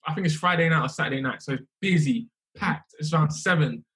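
A young man, a musician telling his story in a casual, animated way, often repeating himself. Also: on the high side, quick pace. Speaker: musician guest.

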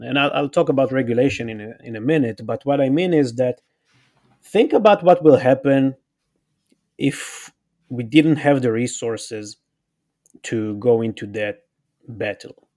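A man's voice: mid-range voice, mellow. A man, a company chief executive, answering interview questions in an earnest, persuasive way and appealing directly to the listener. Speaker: company CEO, interview guest.

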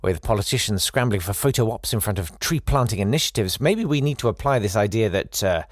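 Man, satirical monologue, wry rambling asides, lively up-and-down pitch, dry close sound. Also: brisk, dry recording. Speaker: comedy podcast host.

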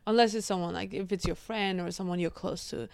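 A woman guest on a podcast, telling stories in a relaxed way with frequent hedges. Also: fairly low pitch, a little fast, creaky, smooth, no room sound. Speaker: guest comedian. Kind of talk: casual chat.

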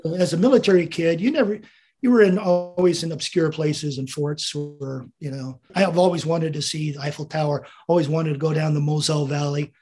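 Brisk and steady, a darkish voice on the high side tells stories in an interview. It belongs to an American veteran in his seventies who rambles through anecdotes, chuckling and quoting others.

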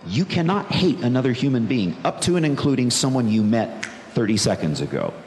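Very animated and fairly quick, a man with a darkish mid-range voice delivers his conversion testimony earnestly and reflectively, repeating phrases for emphasis. The sound carries long reverb from a large room plus faint background noise.

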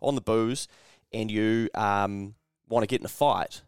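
A man's voice: lowish voice, steady tone, a little slow, clear, resonant tone, no echo, clean studio sound. A man with a New Zealand accent co-hosting a podcast, telling stories in casual chat, swearing freely and acting out other people's voices. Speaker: podcast co-host.

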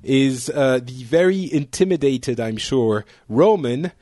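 Guy hosting a podcast, rambly and jokey, mid pitch, dry close sound. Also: lively intonation, takes it slowly, dark tone, no room sound. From France. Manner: rambling, self-correcting, joking. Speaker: podcast host. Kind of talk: casual chat.

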